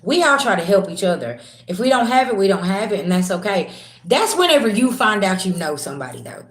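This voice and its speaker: A woman reading tarot on a live stream, slangy and chatty, calling her viewers "babies" and swinging from low murmurs to loud, excited bursts. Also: brisk. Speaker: tarot reader. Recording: roomy echo.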